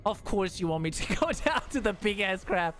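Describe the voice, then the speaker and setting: A male streamer giving casual gameplay commentary, excitable and swearing, with frequent laughs. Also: sits high, moderate pace, faint music behind.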